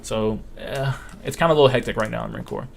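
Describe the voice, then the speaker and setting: Fast and mid-range with vocal fry, the voice belongs to a twenty-something guy hosting a laid-back live-stream Q&A. His stories are blunt and profane, and he acts out what others said; a little hiss or hum sits underneath.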